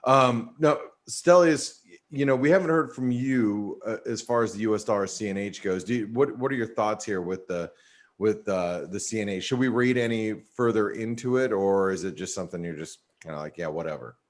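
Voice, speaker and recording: A man's voice: on the low side, moderate pace. A man hosting a trading webinar in casual, rambling commentary, tired and yawning, with lots of fillers. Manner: loose and rambling, many fillers. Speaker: webinar host.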